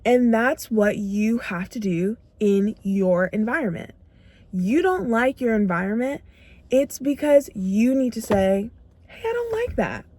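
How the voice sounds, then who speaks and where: A woman's voice: mid-range voice, measured pace, dark tone, no room sound. A young woman giving a motivational self-growth talk to camera, emphatic and repeating phrases for punch. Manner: acts out her own inner dialogue in quotes.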